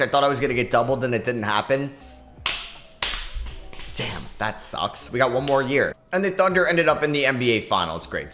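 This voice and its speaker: Fast-talking young man narrating a game. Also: mid-range voice. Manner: excitable, talks to himself while playing. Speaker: gaming YouTuber. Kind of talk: fast video game commentary.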